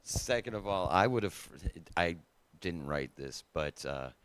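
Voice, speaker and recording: A man's voice: low voice, lively intonation, a little slow. A man in a church Bible class, talking hesitantly with many fillers. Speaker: class member. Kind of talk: casual class discussion.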